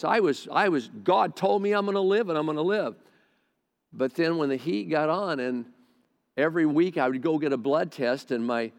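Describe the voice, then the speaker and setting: A male pastor preaching a sermon to a congregation on a close microphone, talking conversationally with stammered restarts and side remarks. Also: a little high. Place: large hall with a congregation. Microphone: close mic near the face. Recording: long church-hall reverb.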